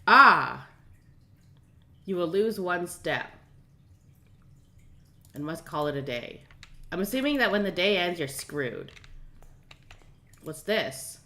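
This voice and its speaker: A woman's voice: fairly low pitch, lively intonation. A young woman streaming a game in casual, rambling chat and laughing often. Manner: chatty, rambling, quick to laugh.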